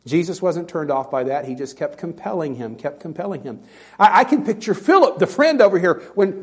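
A man's voice: high voice, brisk, husky. A man preaching a sermon as pastor, telling stories and acting out quoted voices. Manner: folksy storytelling with animated quoted voices.

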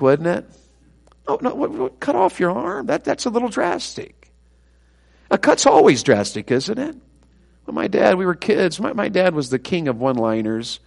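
A man preaching a sermon, telling stories and swinging from loud emphatic cries to quiet, low asides. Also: gravelly.

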